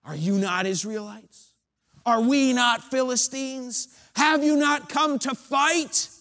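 A preacher acting out a huge, arrogant and angry warrior shouting slow taunts in a sermon. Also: male voice, very high-pitched, pitched above the performer's own voice, exaggerated voice. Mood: taunting.

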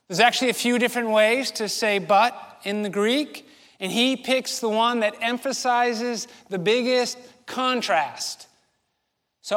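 Male pastor preaching in a church, high voice, slow and storytelling, echoey hall. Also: a bit bright. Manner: slow, storytelling with rhetorical questions. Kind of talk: sermon. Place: church sanctuary.

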